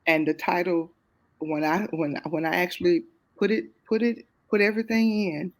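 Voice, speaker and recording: A middle-aged woman, a guest on a talk show, telling a personal story in a lively, expressive way with casual Southern phrasing. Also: lowish voice. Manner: lively, expressive, quick to laugh at herself.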